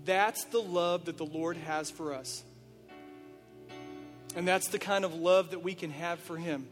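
A man's voice: on the high side, steady tone, unhurried. A man preaching a sermon as a pastor, speaking earnestly straight to his listeners with a run of rhetorical questions. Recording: reverberant hall with faint music.

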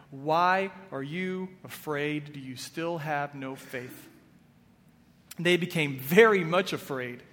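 Male pastor, slightly high voice, relaxed conversational sermon in a reverberant church hall. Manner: conversational, with fillers and restarts.

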